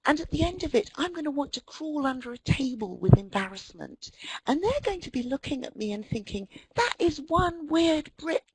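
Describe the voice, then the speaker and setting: British woman, webinar presenter, husky voice, very animated pitch, dry close sound. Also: brisk, no echo, poor audio. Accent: British English. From Britain. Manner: animated, mimics quoted voices. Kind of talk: lively lecture with acted-out dialogues.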